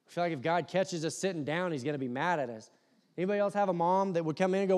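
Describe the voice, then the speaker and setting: A young adult man preaching a sermon, animated, acting out voices and swinging from loud to hushed. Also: sits high, fast talker. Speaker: pastor. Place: church hall.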